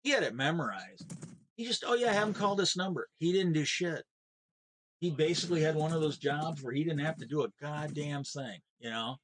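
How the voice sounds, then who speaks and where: With lively intonation and a voice on the high side, a middle-aged man streaming a game rambles through a long story, bitter and profane, often starting over. He talks at a normal speed, and there's a little hiss or hum in the recording.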